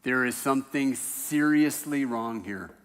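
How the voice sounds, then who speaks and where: A man's voice: medium pitch, a little slow, fairly bright tone, smooth, big-room sound. A man preaching a sermon in a church, talking in a loose, conversational way with self-deprecating jokes. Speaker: pastor. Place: church sanctuary.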